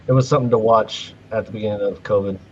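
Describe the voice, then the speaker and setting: Opinionated guy, somewhat low voice, muffled sound with faint noise. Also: steady tone, fast. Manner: blunt, opinionated. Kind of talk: casual group chat.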